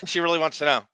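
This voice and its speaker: Lively Long Island man on a video call. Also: very high voice, no echo. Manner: animated, jokey, stumbles over words. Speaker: livestream host. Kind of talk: casual online chat.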